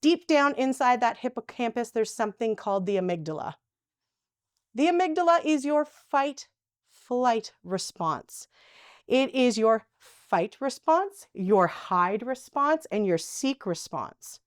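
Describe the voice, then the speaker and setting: A woman teaches a room of caregivers about dementia in a live workshop. Her fairly high voice swings widely in pitch, and she slips into the voices of the people she describes. The sound is dry and close. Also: slow pace, no room sound. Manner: lively, acts out quoted voices. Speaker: dementia educator.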